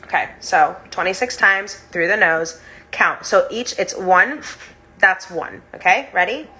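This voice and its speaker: This young woman, a breathwork and chakra teacher, runs a casual live-stream session in a medium-pitched voice that's a little slow, pushed and bright. Some background noise is audible, and she's giggly and bubbly, sprinkling "like" throughout.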